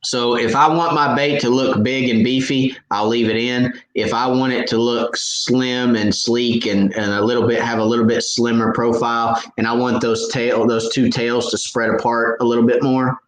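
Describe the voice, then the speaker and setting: A man's voice: medium pitch, level tone, normal speed, hardly any pauses, reverberant, poor audio. A man hosting a live fishing Q&A stream, answering viewer questions in a chatty way and laughing at his own jokes.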